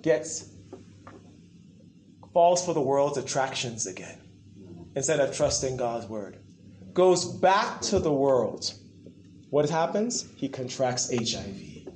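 A man preaching a sermon in an animated way, acting out the quotes he tells and asking the crowd for replies. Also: medium pitch, slow pace, long pauses, a little hiss or hum. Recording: echoey room.

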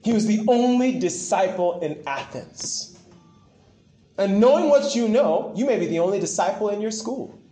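In an echoey room with faint music in the background, a man preaches at normal speed in a high voice. He is impassioned and repetitive, driving points home and telling lively stories.

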